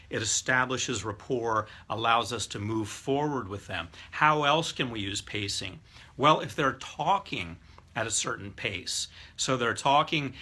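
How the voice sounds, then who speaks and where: Middle-aged guy teaching a class, bright kinda husky voice, explains stuff and acts it out. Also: mid-range voice. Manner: explanatory, demonstrates voices and breathing aloud. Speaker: hypnotist teaching NLP. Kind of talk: lecture to a live class.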